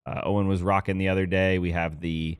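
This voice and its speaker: Casting note: low-voiced male podcast co-host, joking ad read, clean dry mic. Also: level tone, a little fast, clean tone, no echo. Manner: loose, joking promo delivery. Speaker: podcast co-host reading ads. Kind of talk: casual podcast chat and ad read.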